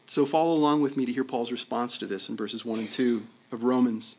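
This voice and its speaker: A man preaches to his congregation in an easygoing, conversational way. His voice sits at a middle pitch for a man, and he often pauses to check in with his listeners and stumbles over repeated words. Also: a little mellow. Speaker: pastor. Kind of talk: sermon.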